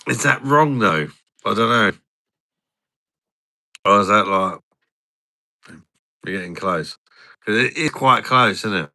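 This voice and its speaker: A man's voice: on the low side, animated, slow, creaky, long pauses, pushed and bright, no room sound, clean studio sound. A man chatting casually with viewers, rambling, swearing and laughing often. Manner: giggly, swears a lot, rambling. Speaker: streamer.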